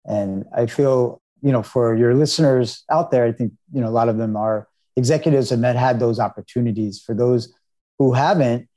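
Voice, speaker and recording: A man's voice: medium pitch, moderate pace, dark tone. A middle-aged American man, a startup founder, giving earnest storytelling answers in an interview. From United States.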